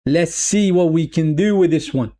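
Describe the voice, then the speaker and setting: Fan streamer, male, slightly high voice, excitable and repetitive, addresses viewers as "people". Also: moderate pace. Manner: calls the play loosely, repeating himself. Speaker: watch-along streamer. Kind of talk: live football watch-along commentary.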